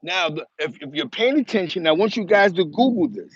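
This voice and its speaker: Brisk and high-pitched, with a slightly rough edge, this animated host from the Bronx, New York, rambles through a casual commentary monologue on his show. He's emphatic and keeps restarting, and the audio comes across muffled.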